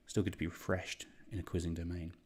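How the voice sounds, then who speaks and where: A young man from England hosting an online quiz, chatty and self-deprecating as he reads out questions and shout-outs. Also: low-pitched, level tone, fast talker, breathy edge. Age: young adult. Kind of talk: casual quiz hosting livestream.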